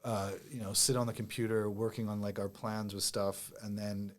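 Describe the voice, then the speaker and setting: A man's voice: fairly low pitch, level tone, normal speed. Rambling man, full of fillers. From Canada. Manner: rambling, heavy use of "like" and restarts. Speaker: comedian guest. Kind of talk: casual podcast conversation.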